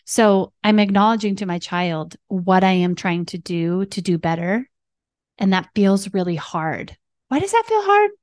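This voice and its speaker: A woman's voice: on the low side, level tone, measured pace, darkish tone, no echo. Woman coaching parents in a dry, close voice. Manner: teaching in numbered steps, checking in with "right?" and "okay". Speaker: parent coach and podcast host. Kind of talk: instructive podcast talk.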